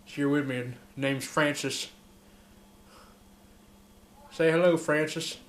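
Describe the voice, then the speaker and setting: A man's voice: on the high side, fairly even intonation, slow pace, echoey room, slight background noise. A man rambling through an improvised comic monologue as a mock interviewee, drawling with fillers and laughs.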